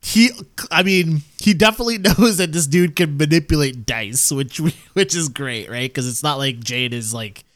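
A man co-hosting a casual TV recap, laughing often and talking in a halting way with many restarts. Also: on the high side, fairly bright tone, no room sound, clean studio sound. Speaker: podcast co-host. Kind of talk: casual TV episode recap chat.

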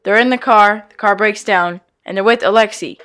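A man co-hosting a casual podcast, recapping events in a plain, steady way. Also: high voice, moderate pace, clear, resonant tone. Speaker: podcast co-host.

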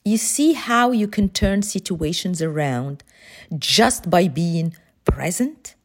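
A woman, a former pharmacist, giving a motivational talk with expressive, emphatic storytelling. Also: on the low side, slow.

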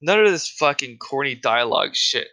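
A man's voice: mid-range voice, big pitch swings, moderate pace, vocal fry, pushed and bright, poor audio. A man delivering a casual, profane solo rant, exasperated and full of fillers.

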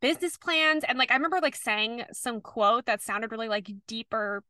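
A young woman co-hosts a podcast, talking in a loose, rambling way as a sympathetic listener. Her voice is high and bright. The sound is dry and close. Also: moderate pace, no echo. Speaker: podcast co-host. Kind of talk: casual chat.

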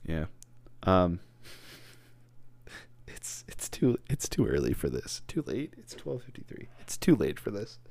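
Young man, very low voice, dry close sound, casual joking rambles. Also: sing-song, slow pace, gravelly, a little mellow, dry recording. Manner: joking, goes off on tangents, acts out mock interviews. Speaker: vlogger.

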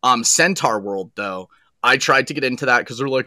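A man with a bright, forceful voice trades jokes in loose, profane podcast banter. He laughs easily and swears freely. The sound is dry and close. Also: mid-range voice, expressive, moderate pace, dry recording. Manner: joking, swears a lot, laughs often. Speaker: podcast co-host. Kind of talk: casual profane chat.

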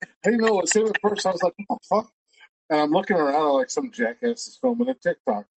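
A man's voice: sits high, lively intonation, quick pace, vocal fry, slight background noise, rough recording. A middle-aged man telling rambling stories in casual chat, stammering through restarts and swearing freely.

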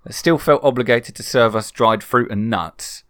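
A man co-hosting a relaxed podcast, rambling through travel anecdotes and poking fun at himself. His voice sits in the middle range and sounds dry and close, with no room around it. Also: mid-range voice, moderate pace, no echo. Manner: chatty, self-mocking storyteller. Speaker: podcast co-host. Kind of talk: casual podcast chat.

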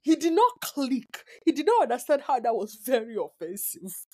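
A Nigerian woman co-hosting a casual podcast, chatting with her friend. Her voice sits a little high and swings up and down a lot. She talks in an animated way and teases and scolds her friend. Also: moderate pace. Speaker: podcast co-host. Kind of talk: casual chat.

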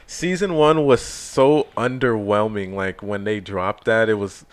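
A man's voice: on the low side, measured pace. Laid-back chatty male podcaster. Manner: relaxed, chatty, opinionated with casual slang. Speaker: podcast co-host. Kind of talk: casual gaming podcast chat.

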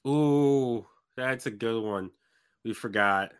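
A man's voice: mid-range voice, slow, clear, resonant tone, no room sound, studio quality. A man in a casual group chat, talking enthusiastically and laughing easily. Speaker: podcast co-host.

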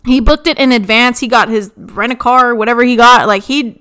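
High-voiced young woman telling wild stories. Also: brisk, clean tone. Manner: animated storytelling, swears freely, laughs often. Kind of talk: casual chat.

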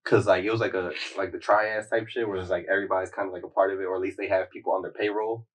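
Young guy, low husky voice, rambling slangy recap, sitting back from the mic. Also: little pitch movement, rapid-fire, far from the mic, poor audio. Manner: loose, slangy storytelling with frequent "like" and laughter. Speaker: podcast co-host recapping a show. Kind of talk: casual chat.

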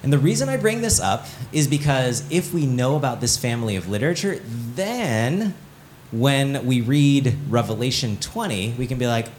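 A man's voice: mid-range voice, lively intonation, moderate pace, a little mellow, a little hiss or hum. Chatty joking man preaching a casual sermon. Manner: chatty and joking, with many fillers like "um" and "like"; asks the audience questions and waits for replies. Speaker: pastor. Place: in front of a live congregation.

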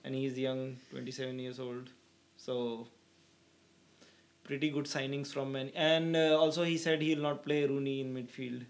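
A young man chatting casually about football as a co-host, opinionated and laughing easily. His pitch sits in the ordinary middle range for a man. He talks in a loose, conversational way. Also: flat delivery, normal speed.

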